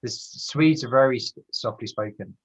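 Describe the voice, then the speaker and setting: A man's voice: medium pitch, moderate pace, slightly rough, rough recording. A man from Britain in a casual podcast discussion, hesitant and searching for words.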